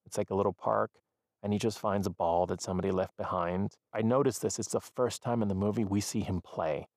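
A man with a gravelly, fry-laden voice sitting fairly low in pitch. He talks through a film in a casual, animated way and acts out quoted lines. The sound is close and dry. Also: a little fast, dry recording. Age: adult parent.

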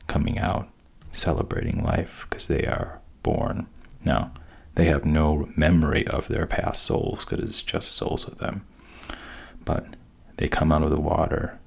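A man retells a story casually, pausing as he goes. His voice is extremely deep and slow, with a gravelly, husky texture. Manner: unhurried, halting with pauses.

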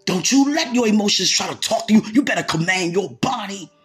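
A woman delivering an impassioned sermon. Her voice is very breathy and husky, and she keeps repeating lines and rising into shouts. Soft music plays faintly behind her. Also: medium pitch, expressive, a little fast. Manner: fervent, repetitive, bursts into shouting. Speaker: preacher.

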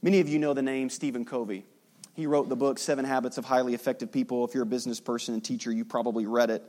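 A middle-aged pastor preaching a sermon, acting out the people he quotes. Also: quick pace. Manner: animated preaching, acting out quotes with big jumps in pitch.

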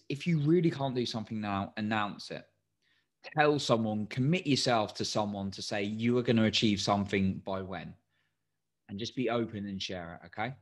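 A man coaching listeners in a motivational solo talk, tired, encouraging and asking many direct questions. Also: medium pitch. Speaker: coach and podcast host.

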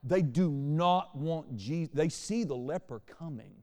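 A man preaching a sermon as pastor, animated, shifting between quiet and loud passages. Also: fairly high pitch, a little slow, long reverb tail. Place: church sanctuary.

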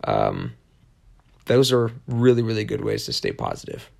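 A man's voice: lowish voice, huge pitch swings, fairly quick, vocal fry, a little mellow. A man hosting a solo motivational podcast, talking earnestly in a rambling way, often restarting and repeating short emphatic affirmations. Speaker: podcast host.

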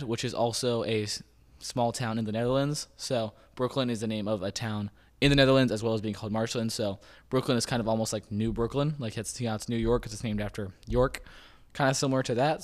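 A man hosting a podcast, explaining things in a loose, rambling way, often saying "kind of" and "like". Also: mid-range voice. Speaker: podcast host. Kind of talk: casual informational talk.

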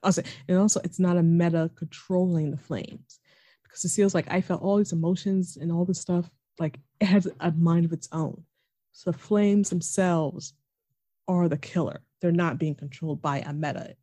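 A woman chats through a TV episode recap, jumping into quick impressions of the characters as she retells the scenes. Her voice sits a touch low and sounds warm and mellow. The recording is dry and close, with no room sound. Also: no echo. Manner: animated retelling, acts out characters' lines. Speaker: podcast co-host. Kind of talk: casual TV recap chat.

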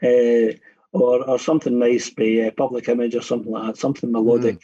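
A husky man in his fifties chats as a radio guest, wandering through long stories and often circling back to restart a sentence. His voice has a slightly breathy edge at an everyday middle pitch. The recording sounds a little dull and muffled. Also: steady tone, a little fast, warm tone. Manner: rambling anecdotal storyteller with frequent restarts. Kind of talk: casual radio chat.

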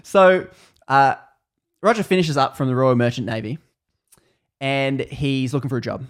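A man tells a story casually on a podcast, rambling along with plenty of fillers. His voice sits at an ordinary middle pitch. He slips into quoted lines as he goes. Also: moderate pace. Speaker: podcast host telling a story.

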